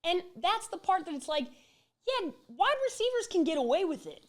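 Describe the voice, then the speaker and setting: A woman's voice: extremely high pitch, very animated, moderate pace. A woman co-hosting a sports podcast in a casual debate, blunt and opinionated, swearing casually. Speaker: podcast co-host.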